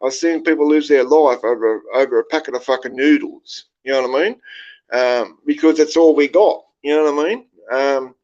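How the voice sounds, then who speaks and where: An Australian man hosting a livestream, spinning crude tales full of swearing and endless "right?" check-ins. His voice sits in an ordinary middle pitch, and the audio comes through dull and lo-fi. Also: moderate pace, darkish tone. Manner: heavy swearing, rambling, keeps checking in with "right?". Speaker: livestream host. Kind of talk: casual storytelling to a live chat.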